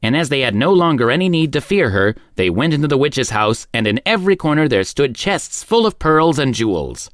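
A man narrating a fairy tale in an expressive storyteller's manner. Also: mid-range voice, a little fast, few pauses, no room sound. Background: background music.

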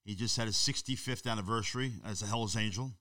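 A man's voice: fairly low pitch, fast, sharp tone, no room sound, recorded from a distance. A man, telling stories bluntly and emphatically as a guest in a casual chat.

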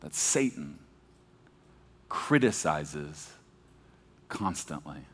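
A pastor from Texas preaching a sermon, moving between hushed, slow emphasis and animated, emphatic passages. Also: male voice, very deep voice. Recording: long hall reverb.

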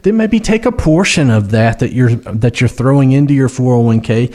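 A man's voice: mid-range voice, animated, normal speed, darkish tone. A man with a Tennessee accent, a financial advisor on a radio show, explaining in an easygoing, agreeable way with fillers. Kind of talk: casual radio talk show chat.

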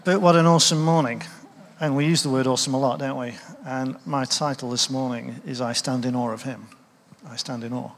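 A man opens his sermon in a relaxed, conversational way, asking the congregation questions. His voice sits in the middle range. It rings out with a long reverb through the church hall. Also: mid-range voice, brisk, a little hiss or hum. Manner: warm, conversational preaching with rhetorical questions. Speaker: preacher.

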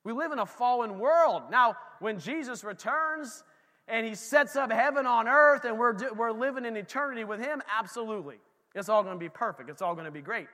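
A man preaching a casual sermon as pastor, animated and talking straight to the congregation. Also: very high voice, a little fast, long reverb tail.

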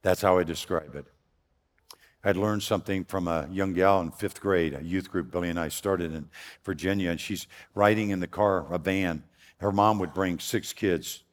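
An older man preaching a storytelling sermon in a church with a loud, folksy, earnest delivery. His voice sits very low and deep. A long reverb hangs after his words from the big sanctuary. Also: moderate pace. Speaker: guest preacher.

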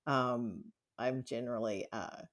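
Candid woman guest with a low voice. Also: unhurried. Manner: candid, laughs often, lively when retelling. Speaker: interview guest. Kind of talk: personal storytelling in a casual interview.

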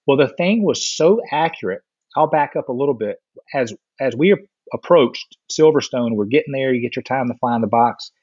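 A man's voice: mid-range voice, a little fast, slightly rough, no echo, muffled recording. A man in casual chat, animatedly telling a story and acting out what others said. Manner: animated storyteller, acts out quotes.

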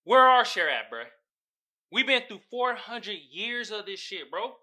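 A man's voice: high voice, animated, unhurried, pushed and bright. A young man hosting his own podcast, talking casually in a profane, emphatic, slangy way. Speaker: podcast host. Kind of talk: casual solo podcast talk.

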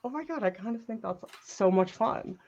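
A woman in casual chat while painting, animated and giggly, talking about her work. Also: mid-range voice, normal speed, highs cut off. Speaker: co-host.

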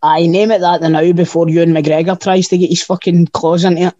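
A man's voice: fairly high pitch, little pitch movement, a little fast, warm tone, no echo, highs cut off. A Scottish man co-hosting a podcast, chatting casually with blunt, sweary banter. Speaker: podcast co-host. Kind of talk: casual chat.

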